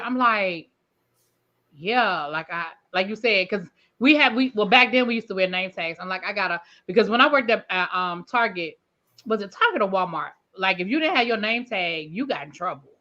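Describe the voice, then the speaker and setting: Woman, DC accent, chatty, bright, lo-fi sound. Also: mid-range voice, expressive, fairly quick. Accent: Washington DC. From Washington DC. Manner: chatty, rambling, self-correcting. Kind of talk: casual chat.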